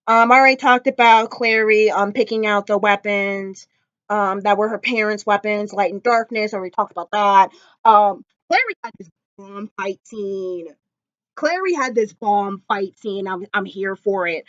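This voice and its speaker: A woman's voice: mid-range voice, normal speed, a bit bright, dry recording, highs cut off. A woman vlogger sitting on the floor at home, gushing and rambling about a TV episode with lots of fillers. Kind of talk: casual chat.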